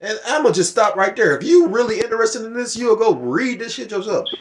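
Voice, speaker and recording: A man's voice: high-pitched, big pitch swings, a little fast, slight background noise. A middle-aged man giving rambling, profane commentary on scripture and current events, heated and full of restarts. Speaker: religious commentator.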